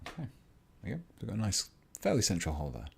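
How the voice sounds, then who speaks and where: A man's voice: on the low side, wildly swooping pitch, very fast, gravelly, slight background noise. An English man hosting a hobby livestream, chatting casually and rambling as he reads out viewer messages while he works on a model. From England. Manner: chatty, rambling, reads chat aloud mid-task.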